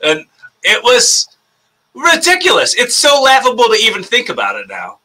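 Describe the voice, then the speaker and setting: A man's voice: very high-pitched, huge pitch swings, moderate pace, bright, forceful tone, low-quality recording. A man in his thirties, a podcast guest in casual chat, rambling, laughing and poking fun at himself. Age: 30s. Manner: rambling, laughing, self-mocking.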